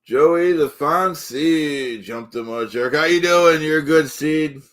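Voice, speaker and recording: Slow and fairly bright, with a voice a little on the high side, a man plays a touchy, pompous middle-aged man cooking eggs on a live stream. The improvised comedy has him blustering and rambling, sticking firmly to his own version of the facts.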